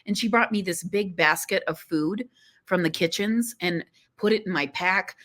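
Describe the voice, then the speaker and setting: Bright-toned woman telling a personal story. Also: fairly low pitch, normal speed. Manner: animated, emotional, frequent "you know" fillers. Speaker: podcast guest.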